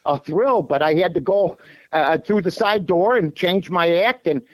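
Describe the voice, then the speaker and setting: A man's voice: sits high, unhurried, no room sound, low-quality recording. A man from Chicago, a sports radio host and handicapper, talking bluntly as a guest from his car, with lots of fillers and restarts. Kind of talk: casual sports talk on a call-in show. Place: in a parked car.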